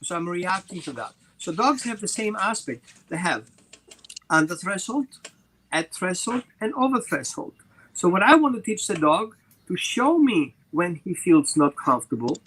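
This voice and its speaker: Husky-voiced dog trainer on a video call. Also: male voice, high voice, lively intonation, normal speed, a bit bright, low-quality recording. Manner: voices the dog and people in quoted asides. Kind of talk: animated explaining with acted examples.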